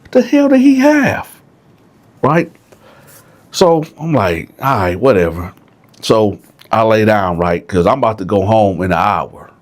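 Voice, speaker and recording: Animated man telling a storytime. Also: on the low side, measured pace, long pauses. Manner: animated, keeps asking "right?". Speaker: storyteller host. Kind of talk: casual storytime.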